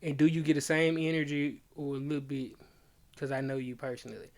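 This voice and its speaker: A young male comedian hosting his own podcast, his voice sitting a little higher than most men's. He talks in loose, slangy casual chat and acts out both sides of the arguments in his stories. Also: fairly even intonation, fairly quick.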